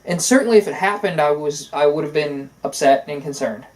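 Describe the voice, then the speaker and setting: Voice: medium pitch, fairly quick, a little mellow, poor audio. An opinionated co-host talking politics in a loose, casual chat. The talk comes in long runs full of "uh" and "so". The tone is conversational and unscripted. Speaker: podcast co-host.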